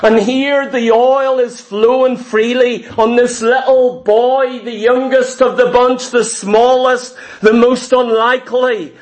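A man's voice: extremely high pitch, fairly even intonation, slow pace, hardly any pauses. A man preaching a sermon to a congregation, with an emphatic, repetitive cadence.

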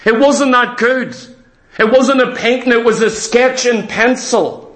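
A man's voice: extremely high pitch, measured pace, a bit bright. A man preaching a sermon, telling a story with emphatic repetition. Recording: echoey hall.

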